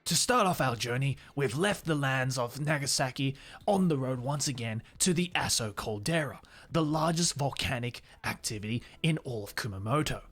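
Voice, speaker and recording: Gruff southern brit travel host, a guy doing the impression, nature-doc narrator lilt, middle pitch. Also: expressive, moderate pace, a bit bright, soft background music. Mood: upbeat presenting. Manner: documentary-style narrator inflection. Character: gruff southern British male travel presenter.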